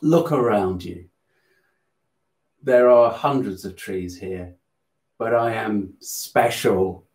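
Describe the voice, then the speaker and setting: A man voicing the spirit of an ancient male oak tree, slow and stern. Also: fairly low pitch, a little mellow, reverberant, recorded from a distance.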